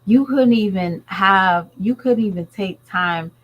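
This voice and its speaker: A woman's voice: mid-range voice, slow, muffled recording. A woman vlogger and mother talking straight to her viewers in a blunt, rambling, casual way. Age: adult parent. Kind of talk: casual commentary chat.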